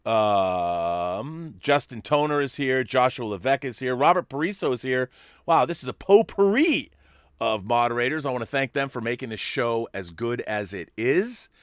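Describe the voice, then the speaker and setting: A man hosting a casual livestream, reading viewer super chats aloud and answering them in a chatty way with quick asides. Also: mid-range voice, lively intonation, clean tone, no room sound, clean studio sound. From California.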